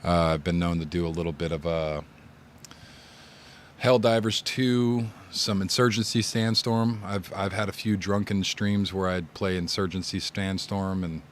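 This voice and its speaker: A man's voice: low-pitched, steady tone, a little slow, a little hiss or hum. A man who streams games, giving casual advice in a rambling, laid-back way and often repeating his words. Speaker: gaming streamer.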